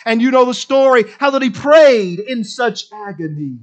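Male preacher with a very high voice, fervent sermon delivery, big swings between shouted bursts and hushed asides. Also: expressive, normal speed. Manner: passionate, swinging from loud exclamations to low quiet asides; repetitive, emphatic preaching cadence.

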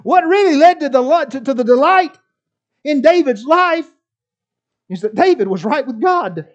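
A pastor preaching a fervent, emphatic sermon at an evening church service, with big swings between loud and soft. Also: male voice, extremely high pitch, animated, normal speed. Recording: dull lo-fi sermon recording.

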